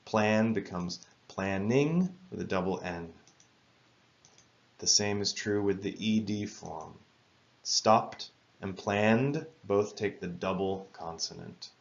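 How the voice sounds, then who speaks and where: A man with a low voice explains spelling rules as a patient teacher. He speaks slowly and carefully and spells words out letter by letter. The recording sounds a little dull. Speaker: English grammar teacher. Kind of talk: scripted lesson narration.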